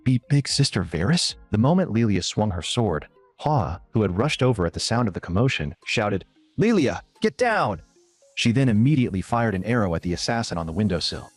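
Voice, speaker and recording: A low-pitched man tells a fantasy comic story in a lively, varied reading. The sound is dry and close, with quiet music running underneath. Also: fairly quick, no echo. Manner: even storytelling, lifts pitch for quoted girls. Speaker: narrator. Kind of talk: scripted manhwa recap narration.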